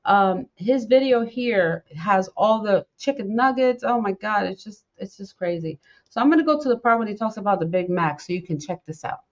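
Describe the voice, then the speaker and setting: This podcast host, a middle-aged woman, speaks casually yet fervently, wandering off track and saying things more than once. Her medium-pitched voice is expressive and her pace normal, and the audio sounds dull and lo-fi.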